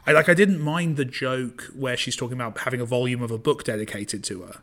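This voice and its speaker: Bright-voiced joking man. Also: medium pitch, quick pace. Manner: joking, self-deprecating. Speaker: podcast co-host. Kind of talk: casual chat.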